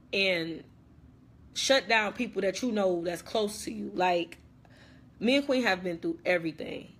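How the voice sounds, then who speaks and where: A woman's voice: mid-range voice, fairly bright tone. A young woman playing a dramatic ex-best friend who rambles through a slangy, repetitive rant on a phone livestream. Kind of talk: comedic social media live rant.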